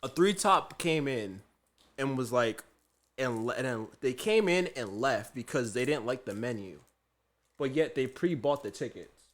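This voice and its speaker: A man's voice: medium pitch, a little slow. Laughing man telling a work story. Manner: animated storyteller, acts out quotes, laughs a lot. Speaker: podcast co-host, chef. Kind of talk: casual chat, storytelling.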